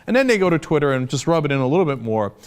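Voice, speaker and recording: Speaking very fast and smoothly in a sing-song, somewhat high voice, an American man offers political opinion commentary. Indignant and sarcastic, he leans on filler words and imitates his opponents in mocking put-on voices.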